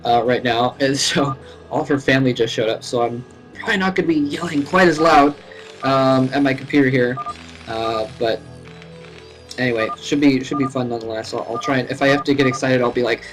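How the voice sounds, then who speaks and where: A man casually commentating a live match from his home computer, chatty and laughing often, his voice rising sharply at exciting moments. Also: medium pitch, a little fast, over music, rough recording. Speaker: esports caster. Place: home room.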